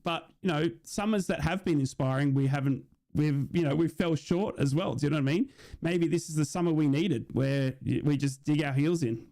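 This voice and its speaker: A man's voice: fairly high pitch, a little fast, dark tone. A man streaming a live football watch-along, chatting casually, reading out viewers' messages and often asking "do you know what I mean".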